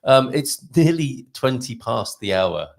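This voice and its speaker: Gravelly-voiced man hosting a live stream. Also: mid-range voice, animated, a little slow. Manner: hesitant, many fillers and restarts. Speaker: co-host of a live-stream show. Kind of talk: casual live-stream chat.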